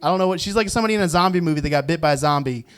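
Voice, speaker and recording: A man with a drawl tells stand-up stories from a club stage into a handheld mic. His voice sits a little high, and he slips into the people he quotes and chuckles at his own jokes between lines. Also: very fast, smooth. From Virginia, US South. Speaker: stand-up comedian. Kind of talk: stand-up comedy set. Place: comedy club stage before a live audience.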